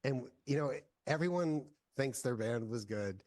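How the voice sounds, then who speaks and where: A filmmaker guest in a casual interview, telling long stories with lots of "like" fillers. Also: male voice, medium pitch, lively intonation, measured pace, darkish tone, no echo, clean studio sound. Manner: rambling, heavy use of "like" fillers.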